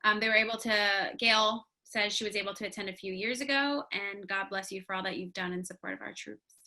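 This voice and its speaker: A woman's voice: medium pitch, steady tone, fairly quick, bright, forceful tone. A woman moderating an interview, asking questions and offering brief encouraging replies. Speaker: interviewer, host.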